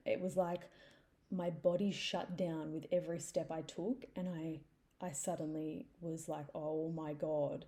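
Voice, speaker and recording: A woman's voice: on the low side, vocal fry, warm tone. A young adult woman hosting a podcast, candidly telling a personal story in a confessional monologue. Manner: candid and confessional, with some swearing. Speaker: podcast host.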